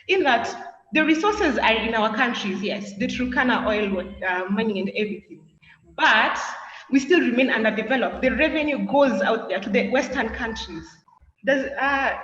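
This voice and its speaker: A woman's voice: a little high, a bit bright. Earnest girl in an echoey hall. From Kenya. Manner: rhetorical, questioning, earnest. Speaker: student speaker. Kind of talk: impassioned speech. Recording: echoey hall, distant, muffled, faint noise.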